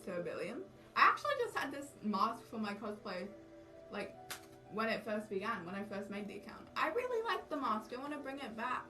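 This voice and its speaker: A young woman's voice, on the high side, sing-song and fairly quick, chats casually to a livestream audience. She's a cosplay livestreamer who mocks herself and drifts off topic easily, heard through a distant mic over background music.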